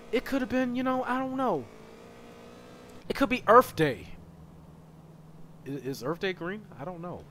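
A man streaming a game live and chatting with viewers, excitable and slangy, jumping from loud shouts to low mutters. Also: a little slow, long pauses, a little hiss or hum. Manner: slangy, playful banter with chat. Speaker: gaming streamer. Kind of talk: live gameplay commentary reading chat.

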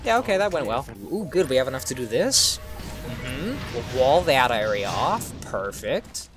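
Male gaming host, silly and hyper, very animated delivery over clear game music. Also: mid-range voice, normal speed. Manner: excitable, goofy, makes silly sound effects. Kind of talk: playful gameplay commentary.

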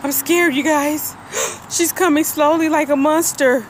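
Woman vlogger, high lively voice, unhurried, playful mom filming outdoors with faint background noise. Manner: animated, teasing, talks to viewers. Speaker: mother filming her child. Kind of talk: playful family vlog narration. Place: outdoors near woods.

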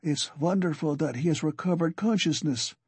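A man voicing a precise, mistrustful old doctor who gives a grim verdict in a flat, clinical way. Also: on the high side, normal speed, husky, no room sound, voice pushed up. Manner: blunt, clinical, matter-of-fact.

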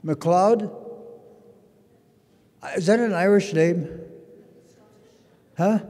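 An older man giving a rambling storytelling speech at a conference, halting with many fillers and restarts. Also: a little high, a little mellow. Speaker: conference speaker. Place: conference hall. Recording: long reverb of a large hall.

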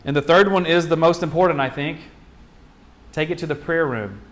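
A man preaching a sermon as pastor, in a conversational style full of rhetorical questions and quick restarts. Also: fairly high pitch, slight background noise.

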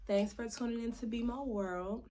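A woman's voice: fairly high pitch, steady tone, moderate pace, warm tone. A young adult woman chatting to camera in a casual vlog, playful and chatty, drawing out words for emphasis. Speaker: vlogger.

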